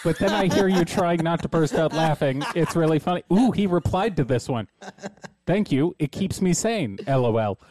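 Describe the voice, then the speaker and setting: A man's voice: a little high, lively intonation, normal speed, a crowd in the background. A man co-hosting a casual podcast, playful and swearing, reading listener comments aloud. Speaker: podcast co-host.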